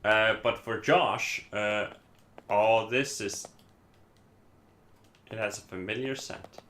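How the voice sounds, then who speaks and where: Bright-voiced Icelandic man. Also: fairly low pitch, fairly even intonation, takes it slowly, slight background noise. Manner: hesitant, rambling with many fillers and restarts. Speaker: streamer playing a game. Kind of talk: casual gameplay commentary.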